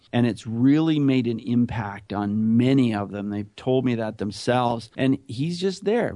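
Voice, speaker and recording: A man's voice: medium pitch, darkish tone, dry recording, studio quality. A middle-aged man telling his story earnestly in a conversational interview. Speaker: guest, anti-bullying speaker.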